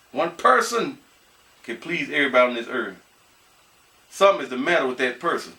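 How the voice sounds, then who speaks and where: Lively folksy man in an echoey room. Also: a little high. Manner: folksy, talks straight to viewers as "y'all"; slow, halting when reading aloud. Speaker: small YouTuber. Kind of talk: reading news aloud and commenting casually. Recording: echoey room, mic at a distance.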